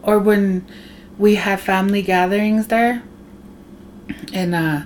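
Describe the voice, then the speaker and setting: Woman guest telling spooky stories, lively, does little voices for people, bit of hiss behind. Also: medium pitch, slow. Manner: animated, acts out others' voices in her tales; laughs often while telling. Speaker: podcast guest, host's wife. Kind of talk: casual storytelling.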